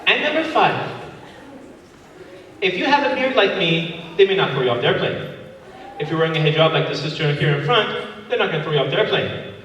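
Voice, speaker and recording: A man's voice: fairly high pitch, animated, a little fast, pauses often, fairly bright tone, slight background noise. A man in his thirties doing a stand-up comedy set, working the crowd and acting out voices and sound effects. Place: large hall before a live audience. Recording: echoey hall recorded from far off.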